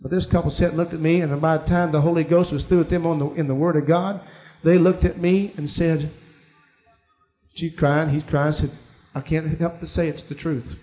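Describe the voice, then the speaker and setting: A man's voice: on the high side, steady tone, moderate pace, mellow. A man preaching a sermon, telling a personal story to his congregation and rising to emphatic peaks.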